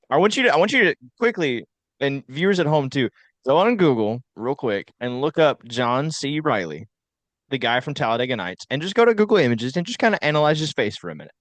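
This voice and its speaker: A man's voice: medium pitch, dry recording. Young man, podcast co-host, easygoing rambling chat, laughs a lot, dry close sound. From South Carolina. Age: young adult. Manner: rambling, laughs often, animated storyteller. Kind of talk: casual chat.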